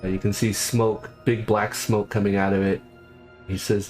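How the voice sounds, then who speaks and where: A man running a tabletop game as game master, narrating in a halting way with frequent fillers. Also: lowish voice, level tone, a little mellow, soft background music.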